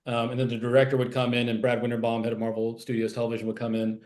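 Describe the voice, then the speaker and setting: A TV animation writer, appearing as an interview guest, chats casually about his writing work, rambling with many fillers and restarts. His medium-pitched, darkish voice races along in a completely flat delivery.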